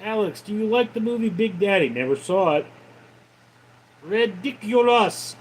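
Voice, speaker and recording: A man hosting a casual livestream, reading viewer comments aloud and answering with sarcastic, deadpan replies. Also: high-pitched, a little fast, a little hiss or hum, rough recording. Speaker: livestream host reading chat.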